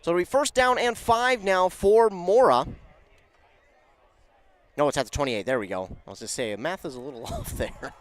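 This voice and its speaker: A man calling a local high school football game, chatty and self-correcting, rising in pitch and volume on big plays. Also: big pitch swings, normal speed. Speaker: play-by-play announcer. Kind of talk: local football play-by-play commentary.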